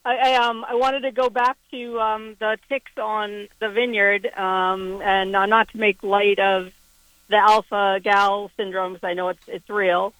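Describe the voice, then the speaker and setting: A woman calling in to a radio show. She talks hesitantly with many pauses but keeps a playful tone. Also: medium pitch, little pitch movement, fairly bright tone, dry recording, low-quality recording. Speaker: caller. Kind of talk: call-in radio chat.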